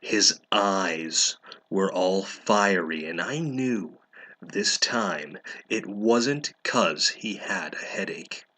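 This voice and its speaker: A man reads aloud in a deadpan, mocking tone. His voice sits a little low but sounds bright and sharp, and he takes his time with every line. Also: drawn-out words. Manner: sarcastic, deadpan, breaks into laughter. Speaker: comedic reader. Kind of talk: mocking dramatic reading of fan fiction.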